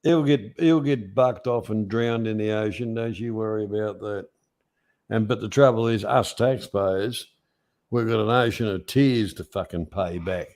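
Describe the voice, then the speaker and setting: A man's voice: on the low side, moderate pace, darkish tone. An Australian man chatting on a livestream, crude and blunt, laid-back banter. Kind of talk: casual drunk banter.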